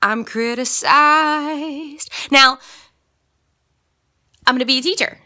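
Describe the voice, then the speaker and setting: A classically trained woman teaching a singing lesson, explaining slowly and singing lines to demonstrate. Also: medium pitch, sharp tone. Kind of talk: vocal lesson with sung examples.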